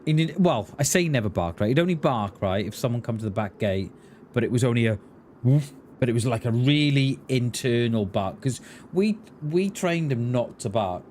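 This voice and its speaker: Streamer guy ranting, swears a lot, lively up and down delivery, faint hiss behind. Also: medium pitch, brisk. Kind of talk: casual chat while gaming.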